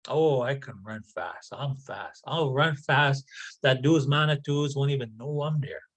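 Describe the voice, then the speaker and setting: A man's voice: mid-range voice, a little slow, fairly bright tone. A man voicing an eager, boastful male wolf in a told folk tale.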